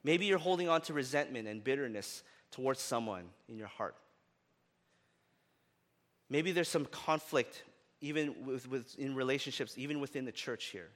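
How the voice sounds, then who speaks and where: A male pastor preaching a sermon in a casual, conversational way, often rising for emphasis. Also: normal speed. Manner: animated, often rising in pitch and loudness for emphasis; conversational with fillers like "right?" and "like". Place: church. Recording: long reverb of a church hall.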